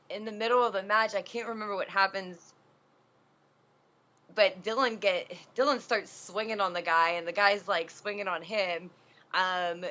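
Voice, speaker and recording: A woman wrestler tells a story as an interview guest. She talks in a bright, sharp voice, animated and loose with plenty of fillers. The recording is dull and lo-fi. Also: mid-range voice.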